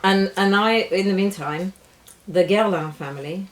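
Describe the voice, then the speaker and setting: A woman's voice: medium pitch, normal speed. A woman, chatting casually and rambling through a chocolate tasting while stumbling over French labels. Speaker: perfumer and co-host.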